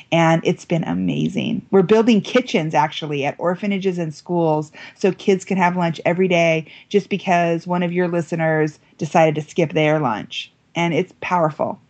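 A woman guest telling a story on an interview podcast, lively and acting out quoted voices. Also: fairly low pitch, dull audio. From United States. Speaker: guest author. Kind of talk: animated storytelling.

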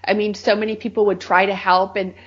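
Earnest husky woman telling her story. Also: medium pitch, flat delivery, a little fast, muffled recording. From Michigan. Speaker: guest. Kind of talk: interview, personal testimony.

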